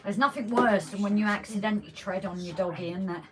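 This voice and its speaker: A woman's voice: medium pitch, fast talker. A woman co-hosting a casual home live stream, chatty and teasing, often laughing. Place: home hobby room.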